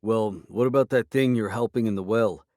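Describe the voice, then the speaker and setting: A blunt young wizard, voiced by the narrator, only a touch brighter than the plain reading voice. He talks casually and to the point, close and dry. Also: lowish voice, fairly quick, no room sound, close to an everyday voice.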